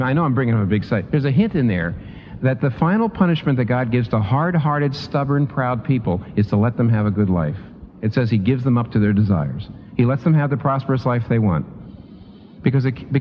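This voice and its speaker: A man delivers a sermon with very lively, swooping intonation, climbing high on his strongest points and dropping low to let a thought land. His talk is conversational and full of restarts and asides. The sound is dull and lo-fi, carried by the long reverb of a large hall. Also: a little hiss or hum. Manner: lively, emphatic preaching with rising pitch on key points. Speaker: preacher.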